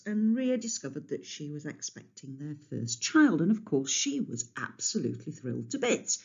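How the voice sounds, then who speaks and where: A woman telling a myth to children in a lively, chatty way, stopping to explain words, on a dull lo-fi recording. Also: deep voice, breathy edge. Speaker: storyteller. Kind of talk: storytelling to children.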